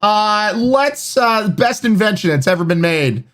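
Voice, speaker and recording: Dude streaming, slow easygoing talk, lots of uh and um while reading chat. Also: male voice, high voice, animated, a bit bright. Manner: rambling, reads chat aloud, many fillers. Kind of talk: casual live-stream chat.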